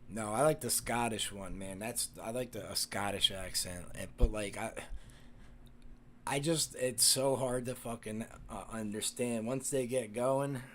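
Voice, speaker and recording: A man's voice: mid-range voice, a little slow, fairly bright tone, a little hiss or hum. A man, hosting a casual live stream and chatting with viewers in a rambling, profane way, full of fillers and restarts.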